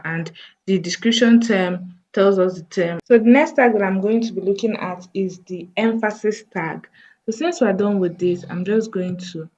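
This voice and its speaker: A woman teaching a coding lesson over a screen recording, thinking aloud slowly as she types. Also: on the low side, a little mellow, lo-fi sound. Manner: slow, thinking aloud while typing. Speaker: coding tutor.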